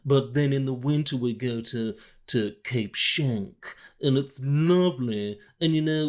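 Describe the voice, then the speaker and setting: A man putting on a pompous posh rich man with a jutting chin and a slow, plummy, slurred drawl. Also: medium pitch, voice pushed up, lightly acted. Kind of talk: mock upper-class impression.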